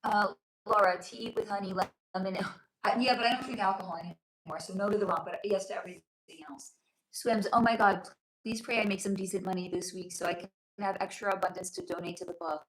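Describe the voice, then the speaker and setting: A woman hosting a casual livestream from home, reading viewer comments aloud, calling people honey and sweetie and swearing freely, her voice going hoarse. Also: mid-range voice, fairly even intonation, a little fast. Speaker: livestream host. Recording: roomy echo.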